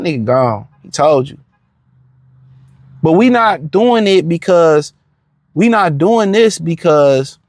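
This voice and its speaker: Reacting to a clip, a male commentator delivers a blunt, profane rant packed with slang, repeated words, and fillers. His voice sits high, and there's no room sound.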